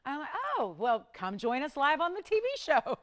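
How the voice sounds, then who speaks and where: Woman shopping host, kinda high voice, super eager, says stuff twice, live tv studio. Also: very animated, moderate pace, a bit bright. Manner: enthusiastic, repeats words for emphasis.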